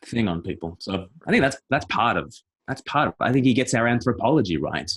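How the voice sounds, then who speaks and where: A man who works as a pastor and evangelist, talking through ideas in a rambling, animated way and laughing often in a casual conversation. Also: mid-range voice, brisk, slightly rough. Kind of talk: casual video-call conversation.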